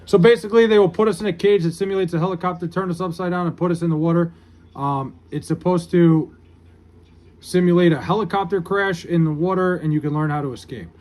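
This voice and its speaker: A man's voice: sits high, quick pace, darkish tone. A man running a casual live stream, reading viewers' comments aloud and answering with profane, self-mocking banter. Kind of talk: casual livestream chat.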